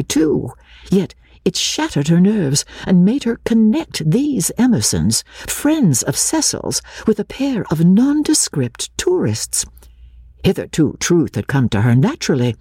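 A woman reading a classic novel aloud as an expressive audiobook narrator. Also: deep voice, husky, no room sound, studio quality.

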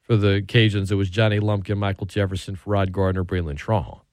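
A man hosting sports radio in a casual, chatty way, often restarting his sentences. His voice sits fairly low. It is recorded dry, with no room echo. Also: steady tone, fairly quick, a little mellow. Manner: chatty, with frequent restarts and asides.

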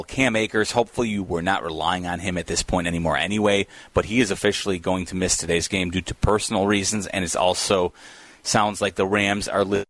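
A low-voiced man hosts a sports call-in radio show. He talks in a chatty, upbeat way, full of loose fillers. The sound is close and dry. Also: fairly bright tone, dry recording.

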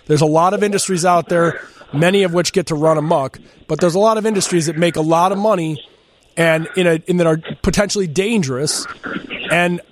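A man's voice: on the high side, brisk, a little hiss or hum. A man hosting a radio talk show, chatting casually and laughing easily.

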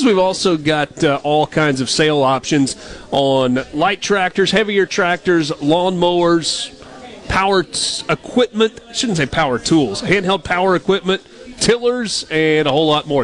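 Upbeat radio host, slightly high voice. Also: male voice. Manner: brisk, upbeat ad-read delivery. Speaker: sports talk radio host. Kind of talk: sports radio talk with live ad reads.

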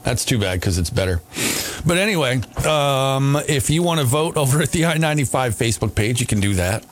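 A man's voice: mid-range voice, expressive, brisk. A man hosting a morning radio show, chatting casually and rambling with restarts and laughs, in a groggy morning voice.

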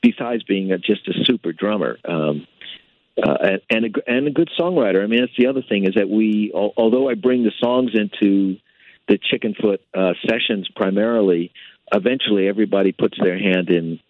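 Male guest on a phone line: a lowish voice, dry and tinny, thoughtful with plenty of ums. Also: normal speed, no echo. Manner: thoughtful, with many fillers. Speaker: guitarist guest. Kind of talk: interview over phone line.

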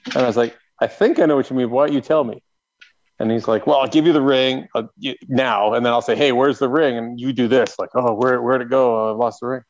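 A man's voice: mid-range voice, fairly even intonation, brisk, highs cut off. A man on a podcast telling a funny story in casual chat, laughing as he goes. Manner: laughs through his own stories. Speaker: podcast co-host.

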